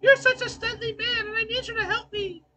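A man doing a whiny helpless girlfriend in falsetto. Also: fairly even intonation, fairly quick, noisy background. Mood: mocking. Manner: mocking falsetto impression.

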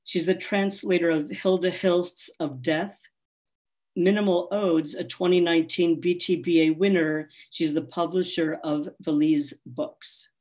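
A woman hosting a reading series, introducing the next poet in an unhurried way. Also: fairly low pitch, steady tone, darkish tone. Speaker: event host. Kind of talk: introducing a reader.

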